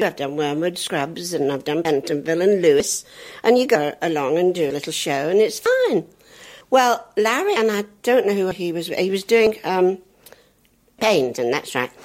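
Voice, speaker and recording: A woman's voice: animated, moderate pace, darkish tone. An older English woman doing stand-up, telling family anecdotes in a chatty, jokey way and laughing at her own punchlines. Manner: jumps high in pitch when doing children's and others' voices. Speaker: comedian. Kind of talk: stand-up storytelling. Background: audience laughter.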